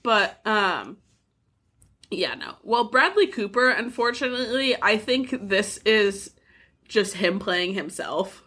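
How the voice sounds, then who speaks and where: Bright-voiced, chatty woman podcast co-host. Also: medium pitch, animated, takes it slowly. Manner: chatty, frank, many fillers like "like" and "um". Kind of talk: casual podcast chat about a movie.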